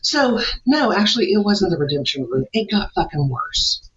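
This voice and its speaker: A podcast co-host telling a story in a relaxed, casual way, full of fillers. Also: medium pitch, moderate pace. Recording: dull lo-fi audio with faint noise.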